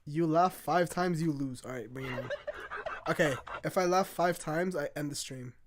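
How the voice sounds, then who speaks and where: A young man streaming live, chatting casually and excitably while reacting to videos, laughing often and swearing freely. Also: on the high side, normal speed, background noise.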